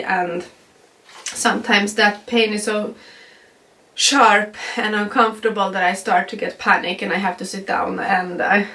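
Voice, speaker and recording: A woman's voice: mid-range voice, creaky, fairly bright tone, distant mic. A young Swedish woman, not a native English speaker, with a stuffy nasal voice, chatting through a casual pregnancy update vlog with frequent ums and little laughs. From Sweden. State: stuffy nose. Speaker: vlogger.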